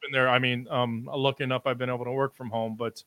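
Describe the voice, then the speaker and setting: A man hosting a casual live-stream interview, talking in halting bursts with frequent ums and restarts while he reads out viewer comments. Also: mid-range voice, flat delivery, sharp tone, clear, resonant tone, no echo. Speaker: livestream interview host.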